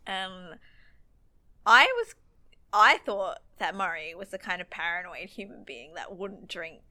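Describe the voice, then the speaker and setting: A woman co-hosting a podcast, talking through an episode in casual chat. Her voice is bright and clear, and she giggles often as she talks. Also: fairly low pitch. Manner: giggly, chatty, quick to laugh. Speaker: podcast co-host.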